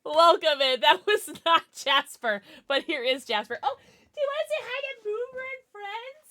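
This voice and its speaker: A woman game streamer in casual livestream chat, bubbly and excitable, often breaking into giggles. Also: extremely high pitch, normal speed.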